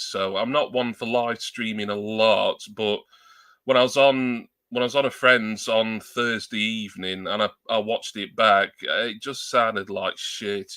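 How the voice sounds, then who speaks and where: A man's voice: on the low side, pushed and bright, no room sound. A man chatting casually on a live stream through a new external desk mic at his laptop, rambling and joking at his own expense. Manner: rambling, self-deprecating, joking.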